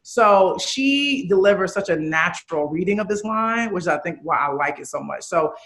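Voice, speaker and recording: A woman's voice: lowish voice, animated, moderate pace, fairly bright tone. A woman in her thirties from Chicago, a guest in a casual interview, talking candidly and animatedly and swearing freely. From Chicago, USA. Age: 30s.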